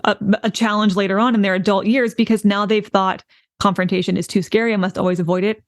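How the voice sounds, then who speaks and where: A woman co-hosts a casual book discussion podcast, her voice close and dry with no room sound. She speaks at a middle pitch for a woman, affirms her partner often, and reflects thoughtfully on the ideas. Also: steady tone, fast, no echo. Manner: affirming, frequent "mm-hmm", reflective. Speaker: podcast co-host.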